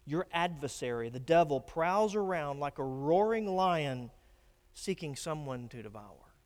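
A man preaching a sermon, swinging from emphatic declarations to hushed, grave warnings. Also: on the high side, lively intonation, measured pace. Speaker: pastor. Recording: long reverb of a church hall.

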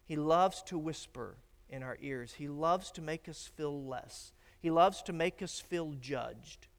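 A man preaching a sermon, swinging from emphatic declarations to hushed, grave warnings. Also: fairly high pitch, measured pace. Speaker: pastor. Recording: long reverb of a church hall.

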